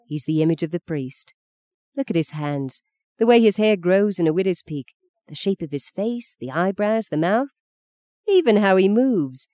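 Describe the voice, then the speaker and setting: A woman's voice: deep voice, dark tone, no room sound. A woman reading the part of an older mother who speaks bluntly, with grim, knowing irony. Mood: insistent. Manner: dry, knowing, pointed.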